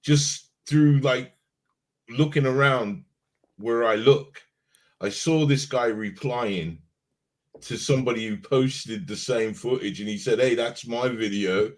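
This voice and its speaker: A man co-hosts a relaxed podcast chat, stumbling over his words and repeating himself as he starts. His pitch sits in the middle for a man. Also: slow pace. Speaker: podcast co-host. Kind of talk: casual chat.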